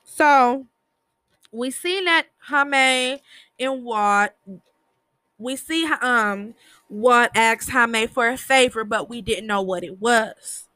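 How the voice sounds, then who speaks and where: A woman with a fairly high voice retells a TV episode in loose, chatty fashion. She talks bluntly, swears without a second thought and often restarts her words. The sound is close and dry, with no room echo. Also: slow, bright, forceful tone, smooth. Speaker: show recapper. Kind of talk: casual TV episode recap.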